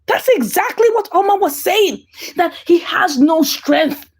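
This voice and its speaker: Woman, high voice, very lively pitch, excitable recap commentator. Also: unhurried. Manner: excitable, exclaiming and laughing often. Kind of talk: animated episode recap.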